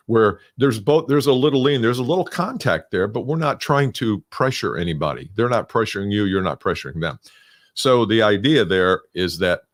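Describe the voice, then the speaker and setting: A middle-aged man coaching salespeople in a conversational, emphatic solo talk. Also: deep voice.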